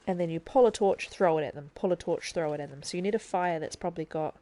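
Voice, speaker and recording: A woman's voice: lowish voice, fast talker, warm tone, dry recording. A woman streaming a video game live, chattily explaining the controls and thinking aloud as she plays. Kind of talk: casual live-stream gameplay tutorial.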